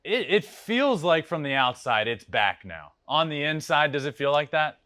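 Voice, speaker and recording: A young man hosting a podcast, chatting casually and telling animated, laughing stories. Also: a little high, normal speed, dry recording, studio quality. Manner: animated storyteller, laughs often. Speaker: podcast host. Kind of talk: casual interview chat.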